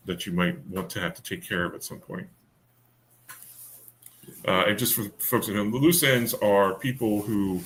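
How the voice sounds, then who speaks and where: A man's voice: fairly low pitch, sharp tone. A man running a tabletop game as game master, narrating with many fillers and restarts.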